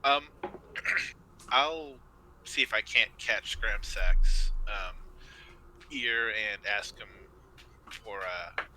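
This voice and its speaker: A man playing a tabletop game, hesitant and soft-spoken. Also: lowish voice, expressive, extremely slow, pauses often, background noise. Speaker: player.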